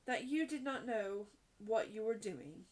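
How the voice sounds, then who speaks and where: A woman's voice: fairly high pitch, expressive, moderate pace. A woman voicing a proud young girl in a storybook reading, answering grandly and politely.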